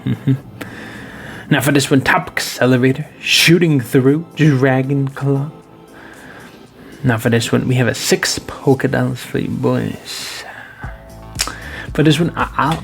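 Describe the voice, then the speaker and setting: A man's voice: mid-range voice, animated, measured pace, gravelly, faint music behind. A man hosting a card collecting video, giving casual, playful review commentary and addressing viewers as boys.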